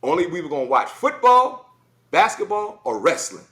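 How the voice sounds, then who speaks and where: A man in his forties from South Carolina, telling stories in a casual podcast chat, animated and repeating words as he goes. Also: fairly high pitch, normal speed. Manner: animated, repeats words, acts out kids' voices. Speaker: former football player guest.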